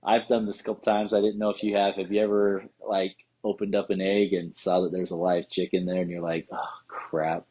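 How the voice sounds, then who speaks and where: Man, thirties, low voice, husky, animated casual storytelling, podcast co-host. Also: brisk, few pauses, muffled recording. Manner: animated storyteller, acts out quotes.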